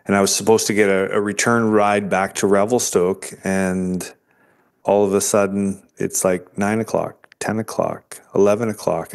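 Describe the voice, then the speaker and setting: A man with a somewhat low voice tells an emotional personal story as an interview guest. He speaks earnestly, often halting and restarting his sentences. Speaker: guest sharing his testimony.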